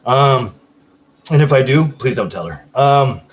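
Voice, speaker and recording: Faint music plays behind a man whose medium-pitched voice has lively intonation and an unhurried pace, on a low-quality recording. He's casually hosting a livestream, reading viewer comments aloud while rambling and swearing hyperactively.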